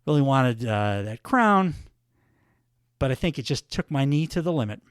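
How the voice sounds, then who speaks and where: A man's voice: medium pitch, lively intonation, normal speed, smooth, no room sound, clean studio sound, close to an everyday voice. A man voicing a subdued woman wrestler disappointed after a loss.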